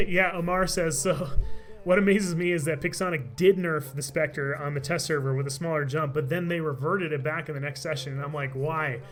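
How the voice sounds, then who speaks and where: A man's voice: fairly high pitch, steady tone, normal speed, fairly bright tone, faint music behind. A man streaming a game live, chatting casually and laughing often, his voice tired from talking all day. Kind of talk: live gameplay commentary.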